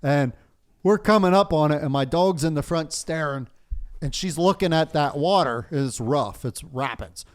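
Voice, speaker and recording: A man's voice: on the high side, moderate pace. Profane, laughing male storyteller. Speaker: podcast host. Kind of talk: casual storytelling chat.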